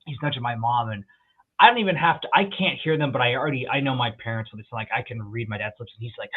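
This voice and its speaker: A man's voice: medium pitch, fast talker. A man telling profane army stories in a casual podcast chat, acting out other people's lines as he goes. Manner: profane, animated storyteller, quotes others in voices. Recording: tinny phone-like line.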